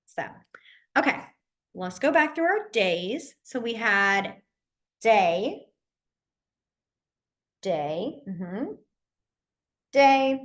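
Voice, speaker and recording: A woman's voice: medium pitch, animated, drawn-out words, long pauses. A woman teaching a sign language class over a video call, patiently walking through signs and often checking in with "okay?". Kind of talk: online class instruction.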